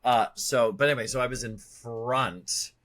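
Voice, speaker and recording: A man co-hosting a podcast, joking and telling quick animated stories. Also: mid-range voice. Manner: animated, jokey, fast asides. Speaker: podcast co-host. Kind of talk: casual chat.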